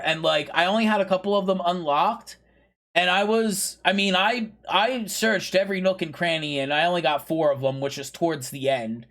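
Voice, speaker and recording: A male streamer with a notably high voice talks casually to his viewers between games. He rambles, trips over fillers and restarts, and pushes his channel plugs in a playful, insistent way. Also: normal speed, a bit bright. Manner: rambling, filler-heavy, chatty; pushy, playful plugging. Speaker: game streamer. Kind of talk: casual live-stream chat.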